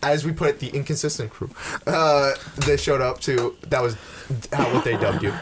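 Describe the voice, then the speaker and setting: A man's voice: medium pitch, normal speed, heavy background noise. A man hosting a casual podcast chat, laughing and steering the talk back on topic. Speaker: podcast host.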